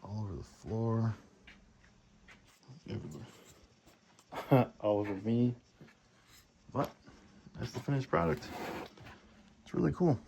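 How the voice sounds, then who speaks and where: A young man thinking aloud and getting excited as he works in a home workshop, filming a casual maker vlog. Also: medium pitch, measured pace, vocal fry, pauses often, a little hiss or hum. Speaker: maker vlogger.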